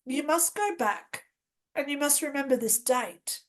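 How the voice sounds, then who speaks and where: A woman voicing her angry great-great-grandmother's spirit, an old woman who speaks in a sharp, scolding way. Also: sits high, a little slow. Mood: solemn.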